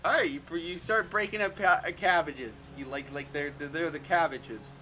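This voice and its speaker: A man's voice: fairly high pitch, normal speed, sharp tone, slight background noise, rough recording. A man running a tabletop game as game master, stammering and repeating words as he narrates.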